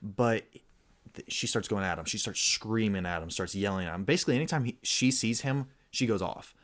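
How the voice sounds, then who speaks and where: A young man co-hosting a casual podcast, spinning a long, rambling story with a fairly low voice. He acts out the lines of the people in his tale as he goes. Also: a little fast. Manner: rambling, animated storyteller who acts out quotes. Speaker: podcast co-host.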